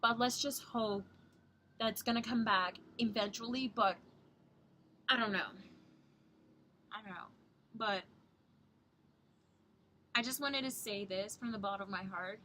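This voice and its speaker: This is a casual vlog review of a wrestling show by a young woman from Southern Ontario, rambling and profane, spoken low so the house stays asleep. Her tone is bright and forceful, with slight background noise.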